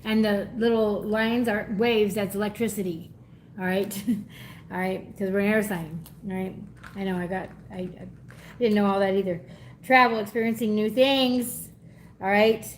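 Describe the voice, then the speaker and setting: A woman giving a live energy reading in a chatty, effusive way, laughing often and going soft and teary when moved. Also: medium pitch, fairly even intonation, moderate pace, slight background noise. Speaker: tarot reader.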